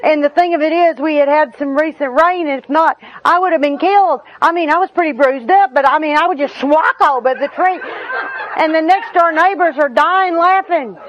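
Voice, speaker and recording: A middle-aged woman with a high-pitched voice shares funny, folksy personal stories at a recovery meeting, laughing often as she goes at a normal speed. The dull lo-fi recording catches a faint crowd from the audience.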